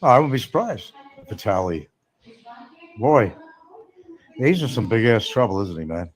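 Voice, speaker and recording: A man's voice: lowish voice, very animated, normal speed. A man hosting a casual livestream, rambling sarcastically and reading chat comments aloud. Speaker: livestream host.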